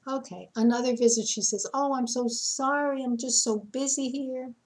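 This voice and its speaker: A woman's voice: high voice, fairly even intonation, normal speed, darkish tone, breathy edge, low-quality recording. A woman vlogging a personal story in a casual, aggrieved way, often repeating words.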